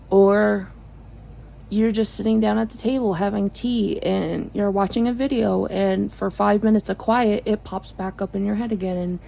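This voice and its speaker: Gravelly-voiced woman venting to viewers. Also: medium pitch, mellow, rough recording. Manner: rambling, frank, sarcastic, many fillers. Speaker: vlogger. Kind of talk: casual venting update to viewers. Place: at home, indoors.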